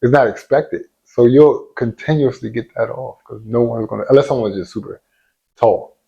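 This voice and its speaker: A man co-hosting a casual chat, reacting quickly and chiming in. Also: mid-range voice, gravelly, warm tone, slightly rough, lo-fi sound. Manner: responsive listener, quick reactions and laughter.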